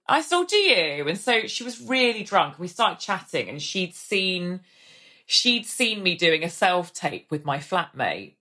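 A woman's voice: lowish voice, big pitch swings, a little slow, bright, forceful tone. A woman in her thirties, a podcast guest, telling long rambling anecdotes and acting out the voices of the people in them. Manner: rambling storyteller, acts out quoted voices. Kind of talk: casual podcast chat.

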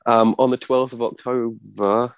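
A man giving an informal history talk from notes to a small audience, halting often with ums and self-corrections. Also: medium pitch, little pitch movement, smooth, dry recording. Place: room with a small live audience.

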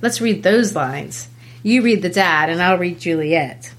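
A woman teaching a literature lesson, animated and enthusiastic, with quick asides. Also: on the low side.

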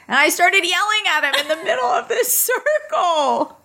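A woman talking with a very lively, swooping voice that sits a little high. She chats casually and emphatically, swearing freely and acting out what people said. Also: normal speed, hardly any pauses. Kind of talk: casual podcast chat.

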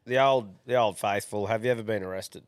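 Laid-back Australian host with a lowish voice. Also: male voice, a little fast, dry recording. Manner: laid-back, relaxed and matey, with short reactions. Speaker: podcast host. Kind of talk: casual podcast chat.

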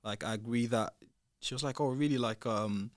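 A man's voice: mid-range voice, moderate pace, dry recording, clean studio sound. A young man with a British accent, a podcast guest casually retelling events and acting out the conversations with rising emphasis. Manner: animated retelling, acts out quoted dialogue, rising loud when heated. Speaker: podcast guest, former reality show contestant. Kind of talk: casual storytelling chat.

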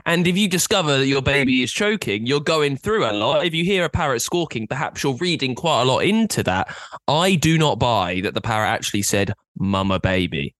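Man, podcast co-host, rambling chat, stop-start phrasing, very lively pitch, dry close sound. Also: no room sound. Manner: rambling, halting restarts. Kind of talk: casual chat.

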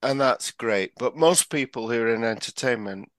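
A man's voice: medium pitch, animated, normal speed, no echo. A man co-hosting a comedy podcast, chatting casually, joking and laughing often. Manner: jokey, laughs often, does puppet voices. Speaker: podcast co-host.

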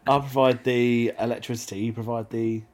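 A man's voice: medium pitch, little pitch movement, a little fast, slight background noise. A man co-hosting a podcast, teasing his co-host in casual chat. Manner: teasing, dry banter.

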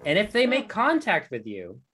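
A woman's voice: medium pitch, wildly swooping pitch, moderate pace, fairly bright tone, faint music behind. A woman running a tabletop game as dungeon master, explaining rules with many fillers and restarts.

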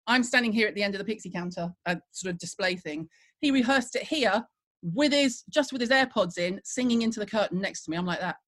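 Middle-aged British woman guest, chatty anecdote teller, lively quoting voice. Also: medium pitch, brisk. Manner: animated gossipy storytelling with acted-out quotes. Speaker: guest storyteller. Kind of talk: casual chat, anecdote.

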